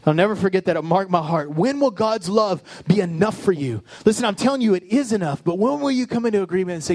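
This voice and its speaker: High-voiced impassioned male pastor. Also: expressive, fast talker, hardly any pauses, no room sound. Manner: impassioned preaching with sudden soft, low drops. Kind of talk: sermon.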